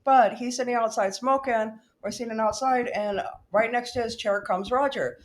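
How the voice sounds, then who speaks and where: A woman's voice: on the high side, moderate pace. A young woman from Texas hosting a casual chat, laughing often as she talks. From El Paso, Texas. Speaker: host.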